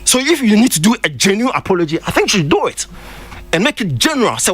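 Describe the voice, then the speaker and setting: A man's voice: fairly high pitch, sing-song, quick pace. A Ghanaian man on a radio panel, lecturing critically and switching between English and Twi. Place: radio studio.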